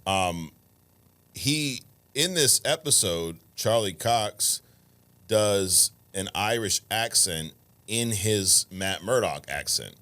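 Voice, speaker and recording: A man's voice: fairly low pitch, expressive, takes it slowly, bright, forceful tone. A man in his thirties from the United States co-hosting a podcast, reading viewer comments in a casual, laid-back way and swearing freely. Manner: laid-back, swears freely, calls people bro and dude. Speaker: podcast co-host.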